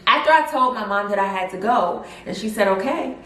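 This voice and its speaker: A young woman telling a personal story in a casual vlog, chatty and animated with lots of fillers. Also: mid-range voice, fairly quick. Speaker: vlogger. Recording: roomy echo, mic at a distance.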